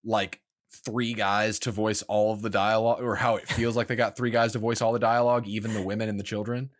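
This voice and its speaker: A man's voice: lowish voice, level tone, a little fast. A man co-hosting a casual gaming podcast, teasing his co-host dryly and explaining things at length.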